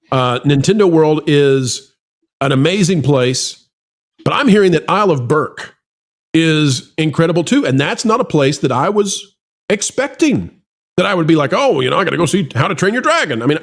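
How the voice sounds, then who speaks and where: A man hosting a talk show, speaking earnestly and a bit like a preacher to his listeners, then turning to question his co-host. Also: on the high side. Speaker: podcast host. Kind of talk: heartfelt talk-show commentary.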